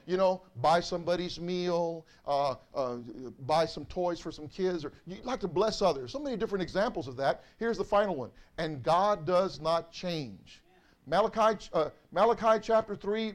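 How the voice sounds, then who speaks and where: Pastor, male, high voice; emphatic sermon delivery, repeats lines, rhetorical questions to the pews. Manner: emphatic, repeats phrases, asks the congregation questions. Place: church.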